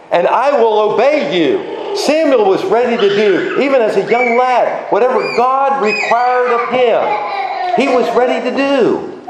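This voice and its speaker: A man preaching a sermon with animated emphasis, his voice swinging between high exclamations and low asides. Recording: very echoey room with faint noise.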